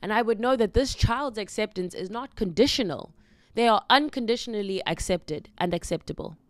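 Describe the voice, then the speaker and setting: A woman hosting a podcast, speaking slowly and earnestly in a heartfelt, reflective monologue. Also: medium pitch, lively intonation, no room sound. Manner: slow, earnest, gently encouraging. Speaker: podcast host.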